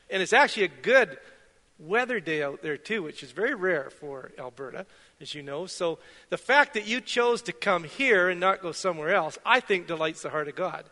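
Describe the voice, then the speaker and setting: A middle-aged pastor from Canada delivers a relaxed, conversational sermon with a high, bright, forceful voice. He tells anecdotes and pokes fun at his own slips. His voice rings out with the long reverb of a church hall. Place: church sanctuary.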